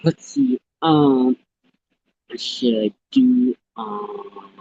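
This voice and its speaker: A guest on a live stream, speaking casually and hesitantly, with many ums and pauses. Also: medium pitch, sing-song, vocal fry, warm tone, dull audio, a little hiss or hum.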